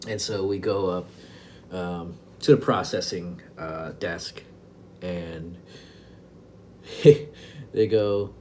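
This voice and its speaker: Low-voiced man telling a wry story. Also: darkish tone, a little hiss or hum. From Laos. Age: 40s. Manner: wry, self-deprecating, halting with frequent restarts. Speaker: podcast host. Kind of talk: casual personal storytelling. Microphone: close podcast mic, audio only.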